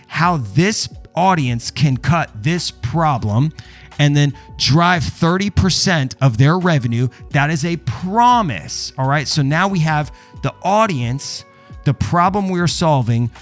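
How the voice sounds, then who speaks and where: Guy explaining a landing page step by step, kinda high voice, soft music behind. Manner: emphatic, explains step by step with repeated "okay?" check-ins. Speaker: copywriting teacher. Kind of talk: screen walkthrough tutorial.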